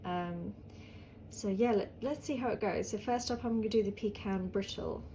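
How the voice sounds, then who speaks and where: A British woman, hoarse from hay fever, chatting casually and rambling a little as she bakes cookies for a vlog. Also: medium pitch, moderate pace, dark tone, a little hiss or hum. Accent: British English. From England. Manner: chatty and rambling, lots of ums. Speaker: home baker vlogger. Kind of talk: casual baking vlog chat.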